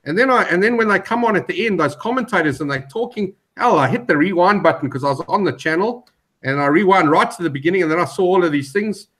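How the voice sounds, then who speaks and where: A male panelist on a sports betting show, with a voice pitched a bit high. He tells his stories in an animated way and stumbles over repeated words. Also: quick pace. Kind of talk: casual betting chat.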